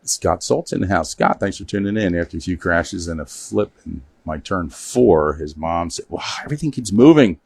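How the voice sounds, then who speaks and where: A man's voice: low-pitched, lively intonation, moderate pace, creaky, hardly any pauses, a little mellow, slightly rough, no echo. A man hosting a casual studio chat, telling stories. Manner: storytelling, joking, reads viewer comments aloud. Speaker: show host. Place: small studio.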